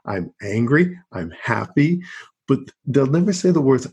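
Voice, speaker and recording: A man's voice: mid-range voice, sing-song, moderate pace, darkish tone, husky. A middle-aged man, a college teacher, talking as a guest in an easygoing, rambling interview. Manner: rambling, peppered with "you know, and so on". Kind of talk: conversational interview.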